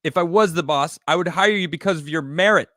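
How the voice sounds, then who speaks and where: A man hosting a casual political talk show, reading viewer comments and joking in an animated, emphatic way. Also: fairly high pitch, brisk, no room sound, studio quality. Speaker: podcast host reading super chats.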